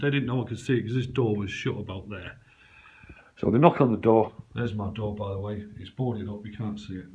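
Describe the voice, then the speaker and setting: With a slight hiss or hum on the recording, a vlogger mutters lowly and conspiratorially to camera at home in his flat. He points around the place while giving a meandering first-person account.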